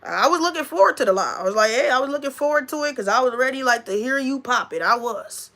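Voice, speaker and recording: A woman's voice: high voice, expressive, fast talker, bright, forceful tone. Emphatic woman livestreaming, repeating herself. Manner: emphatic, repeats herself, talks straight to a friend. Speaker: livestream host. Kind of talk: casual livestream talk to viewers.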